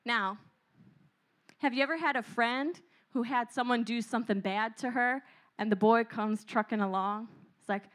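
Young woman preaching to a youth crowd, bright ringing voice, animated, acts out little voices. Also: fairly high pitch, normal speed. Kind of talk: lively sermon.

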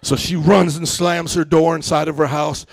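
A pastor in his thirties preaching a sermon, telling a story in casual slang and acting out the voices with loud outbursts. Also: on the high side, normal speed, gravelly, dry recording. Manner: animated, acts out quotes with shouts; casual slangy church talk.

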